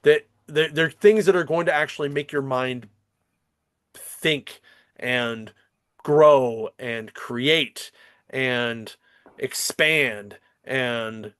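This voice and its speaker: A man's voice: medium pitch, drawn-out words, fairly bright tone, smooth, no echo, clean studio sound. Rambling, profane man. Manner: rambling, profane, many fillers and restarts. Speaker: podcast host. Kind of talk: casual chat.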